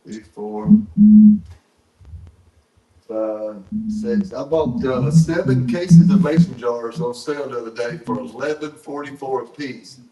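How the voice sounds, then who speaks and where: A man's voice: mid-range voice, takes it slowly, dark tone, low-quality recording. A man hosting a casual live-stream chat, rambling and correcting himself as he goes. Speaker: host.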